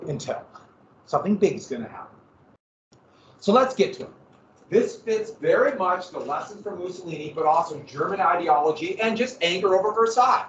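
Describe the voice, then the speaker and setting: Male American history teacher, animated lecture, slightly high voice, echoey classroom, distant muffled mic. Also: a little fast, a little hiss or hum. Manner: animated, asks questions and answers them.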